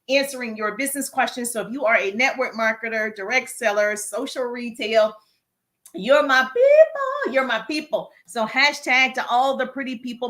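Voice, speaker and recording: Woman, Southern accent, bubbly livestream host, slightly high voice, chatty, walking on a treadmill. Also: a bit bright. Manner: upbeat, hypes viewers, greets chat by name. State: getting over a cough. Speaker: livestream host, business coach. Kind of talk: live stream Q&A chat.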